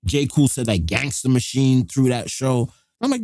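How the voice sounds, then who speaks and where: A middle-aged man, hosting a live show and telling a rough, profane story in casual street slang. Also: mid-range voice, sing-song, normal speed, darkish tone, dry recording, clean studio sound.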